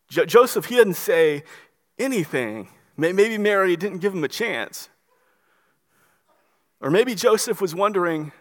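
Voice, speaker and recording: A male pastor preaching a sermon in an animated, storytelling way, often stammering and restarting his words. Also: high voice, a little slow, big-room sound.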